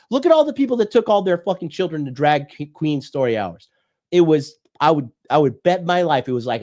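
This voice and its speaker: A man's voice: on the high side, a little mellow. A man from the United States, a dating coach hosting a livestream, talking in a blunt, profane, preachy rant.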